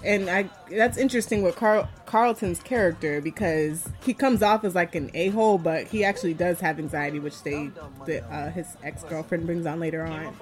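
A woman's voice: lowish voice, normal speed, few pauses. A woman co-hosting a casual podcast show review, speaking conversationally and often murmuring agreement. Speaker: podcast co-host.

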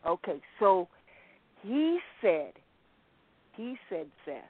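A woman telling a personal testimony as a guest, slowly relating a story and acting out the people in it. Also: on the low side, animated. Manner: slow storytelling, acting out quoted voices. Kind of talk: personal testimony in a call-in talk. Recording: tinny phone line.

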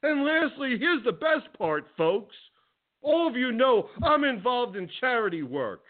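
A man's voice: extremely high pitch, very animated, unhurried. A male talk radio host ranting combatively at a rival, then welcoming his co-host. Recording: phone-line audio.

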